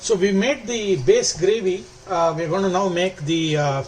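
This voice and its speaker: A man hosting a cooking demonstration, explaining each step calmly and stretching words for emphasis. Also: high voice, moderate pace, slight background noise. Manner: calm, step-by-step instructional. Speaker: cooking channel host.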